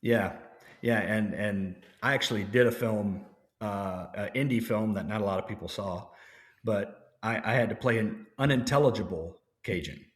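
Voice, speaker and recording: A man from Louisiana talks as an interview guest, and his voice sits fairly low. He tells stories in a loose, relaxed way, full of fillers and self-corrections. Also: normal speed. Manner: relaxed storyteller, many fillers and restarts. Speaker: actor guest. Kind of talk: casual interview chat.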